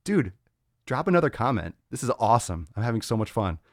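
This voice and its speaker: A man hosting a casual solo podcast, loud, laughing and profane, talking on a close mic. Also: medium pitch, sing-song, fairly quick, no room sound. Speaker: podcast host.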